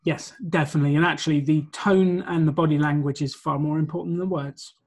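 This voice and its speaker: A man with a husky, fairly high-pitched voice talks quickly but keeps a steady tone. In this conversational interview about his presentation coaching work, he walks through his points with confidence and order.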